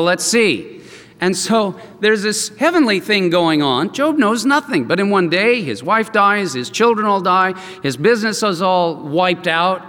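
A pastor delivering a sermon, retelling Bible stories and acting out their voices. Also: male voice, sits high, big-room sound. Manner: animated storytelling, acts out quoted voices.

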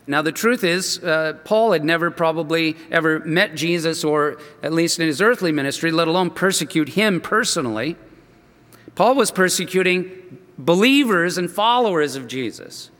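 A male preacher with a high, bright and sharp voice tells a story in an earnest, emphatic sermon. He often restarts his phrases. The sound rings with the long reverb of a large hall. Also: animated, moderate pace.

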